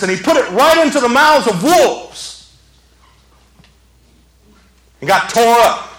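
High, bright-voiced preacher. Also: male voice, lively intonation, slow, long pauses, roomy sound, poor audio. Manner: passionate preaching that swings from loud shouts to quiet asides. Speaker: pastor. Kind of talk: sermon.

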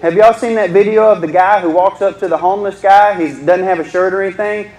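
A man's voice: sits high, fairly quick, a little mellow, reverberant, rough recording. A young man preaching a sermon in a joking, conversational way, often asking the crowd questions.

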